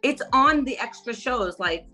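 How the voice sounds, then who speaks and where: A middle-aged woman talking as an interview guest, chatty and animated, packing her stories with "like". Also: fairly high pitch, measured pace, faint music behind, rough recording. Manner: chatty, animated storytelling, lots of "like". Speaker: interview guest, former reality show contestant. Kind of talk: casual interview chat.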